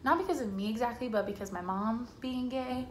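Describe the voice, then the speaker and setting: A woman's voice: on the high side, fairly quick. A young woman vlogger telling a personal story to camera in a casual, chatty way, filling her talk with "like" and acting out quotes. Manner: chatty, says "like" a lot, quotes herself and family in lively voices. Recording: echoey room with faint ambient noise.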